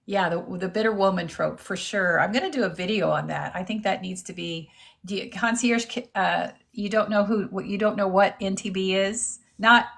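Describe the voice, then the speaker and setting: A woman's voice: lowish voice, vocal fry, fairly bright tone. A woman reverend hosting a casual live stream, greeting viewers by name and chatting while she eats lunch. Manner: talks while eating lunch. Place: at home with her dog.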